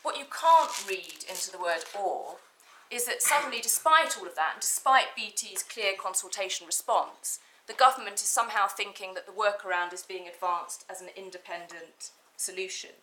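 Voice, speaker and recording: A woman barrister making a formal legal argument to judges in a courtroom, measured and precise, stressing key words. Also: mid-range voice, background noise.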